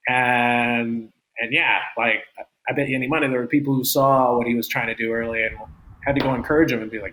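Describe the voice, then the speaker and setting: A Canadian man, a comedian, chatting as a guest in a rambling way, full of fillers and quick laughs. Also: mid-range voice, steady tone, a bit bright, slight background noise. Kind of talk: casual interview chat. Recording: echoey room.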